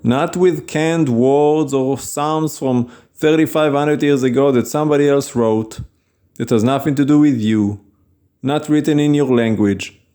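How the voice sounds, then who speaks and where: A man's voice: mid-range voice, a little slow, warm tone. A man preaching an informal sermon in an earnest, plain-spoken, conversational way.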